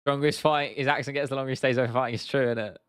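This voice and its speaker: A young man chatting on a livestream, giving blunt, opinionated takes and swearing freely. He often stops and restarts mid-sentence. His voice sits at an ordinary pitch and sounds close and dry, with no room around it. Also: steady tone, racing, smooth, no room sound. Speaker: livestream host. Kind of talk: casual livestream chat answering viewers.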